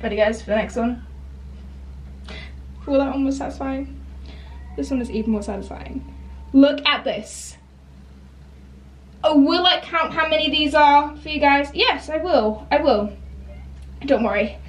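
A woman's voice: sits high, a little slow, pauses often, slight background noise. A woman chatting in a bubbly, rambling way as a book vlogger. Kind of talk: chatty vlog.

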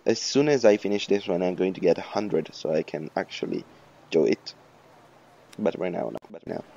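Gravelly, rambling let's play guy. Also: sits low, normal speed, dark tone, lo-fi sound. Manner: rambling, profane, self-mocking. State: hoarse. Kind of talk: casual game commentary.

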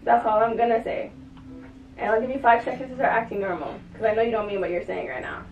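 High-pitched woman, pleading questions, echoey room, far from the mic. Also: fast, narrow, tinny audio. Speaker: vlogger, the girlfriend being pranked. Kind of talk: casual chat. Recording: roomy, far from mic, faint music.

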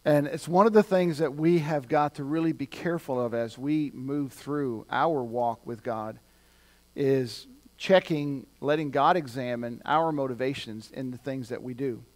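A man's voice: medium pitch, a little slow. Man preaching a conversational sermon. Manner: conversational, building to loud emphatic preaching. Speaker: pastor.

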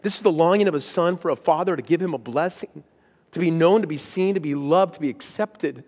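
A man pastor delivers a sermon with a somewhat high-pitched voice. He reads scripture with mounting intensity, then turns to speak plainly to his congregation. The sound carries a long reverb from the church hall. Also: brisk, a little mellow. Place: church auditorium.

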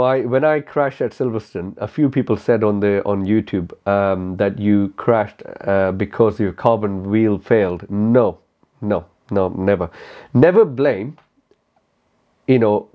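Frank man with a dull-sounding recording. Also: lowish voice. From India. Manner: frank, rambling, with many fillers and restarts. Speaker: motorcycle YouTuber. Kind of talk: casual Q&A talk to camera.

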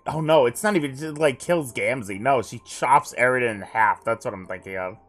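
A man streaming himself reading a text adventure aloud, his voice pitched at an ordinary middle height. He slips from narration into joking side comments, with faint music playing behind him. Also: fairly quick, a bit bright. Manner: joking asides between narration.

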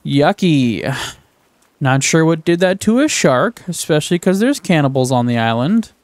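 A young man giving excitable gameplay commentary, swearing and reacting loudly to scares while he plays a survival game. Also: on the high side, normal speed. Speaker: gaming YouTuber. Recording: roomy echo with game music behind.

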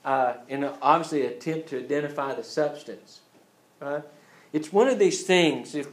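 A man's voice: fairly high pitch, normal speed, roomy sound, poor audio. A man teaching an EMT class in a casual lecture style, joking and acting out scenes as he goes. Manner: joking, acts out scenes with voices. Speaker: EMT instructor.

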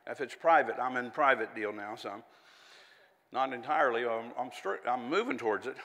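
A man's voice: mid-range voice, fairly quick, pushed and bright, big-room sound. A man preaching a sermon in a folksy, conversational way, with chatty asides and little laughs.

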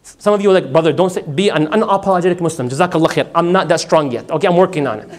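A man's voice: fairly high pitch, rapid-fire. A man giving a religious talk to a live audience, telling personal stories, acting out dialogue and asking the audience to answer him. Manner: storytelling, acts out dialogue, asks audience to respond. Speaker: lecturer.

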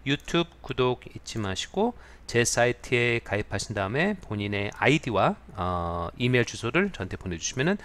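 A man's voice: medium pitch, big pitch swings, very fast, few pauses, a bit bright. A man teaching an English idiom in a video lesson, explaining at length with many fillers.

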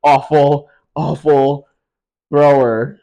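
A man's voice: a little high, steady tone, extremely slow, vocal fry, mellow, exaggerated voice, rough recording. A man voicing a group of houseplants who scold him in an indignant way.

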